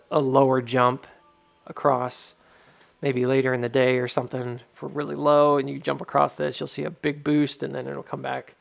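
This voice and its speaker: Creaky-voiced man rambling on a livestream. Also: medium pitch. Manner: rambling, filler-heavy. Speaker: livestream host. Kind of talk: casual livestream chat.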